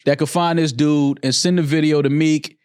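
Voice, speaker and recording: A man co-hosting a podcast, slangy and animated, laughing loudly in casual banter. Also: fairly high pitch, moderate pace, smooth, no room sound, clean studio sound. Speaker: podcast co-host. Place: podcast studio. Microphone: studio microphone.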